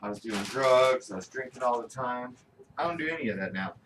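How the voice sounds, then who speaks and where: A man's voice: medium pitch, animated, fairly quick. A middle-aged man talking candidly in a personal video diary, venting and swearing often. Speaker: vlogger. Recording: distant mic with faint background noise.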